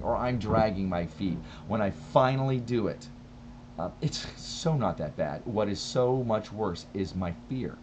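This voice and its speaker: A man's voice: low-pitched, darkish tone, a little hiss or hum. A man talking thoughtfully in a casual vlog monologue, rambling with frequent restarts. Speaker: vlogger.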